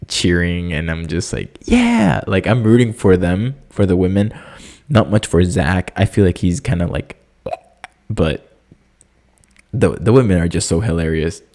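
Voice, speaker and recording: Young guy rambling on his own podcast, deep voice, loose and jokey, tons of "like". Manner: animated, jokey, many fillers, squeaky excited impressions. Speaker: podcast host. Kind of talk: casual solo podcast chat.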